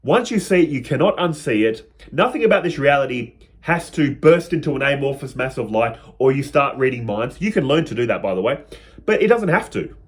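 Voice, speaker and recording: A man's voice: medium pitch, sing-song, fairly quick. A man hosting a spiritual video, talking in a casual, earnest way and stretching out lists of words. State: out of breath. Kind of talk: casual spiritual talk to camera.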